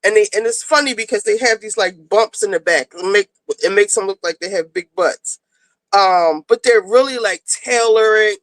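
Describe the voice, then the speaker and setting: A woman's voice: medium pitch, moderate pace, no room sound, rough recording. A woman hosting a casual talk show, rambling as she retells a TV episode and acts out the characters' lines. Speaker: podcast host.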